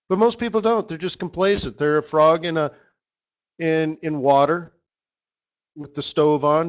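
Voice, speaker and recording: A man leads a live trading strategy session with a fairly high voice. He talks in a rambling, animated pep-talk manner to his audience. The audio is dull and lo-fi, like a muffled web stream. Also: unhurried, long pauses. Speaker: forex market strategist hosting a live session.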